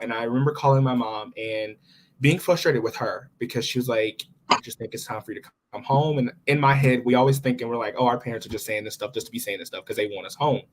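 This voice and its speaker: Recounting his story as a podcast guest, this twentysomething man is expressive and casual, voicing the thoughts he had at the time. He has a medium-pitched voice, and a slight hiss or hum is audible.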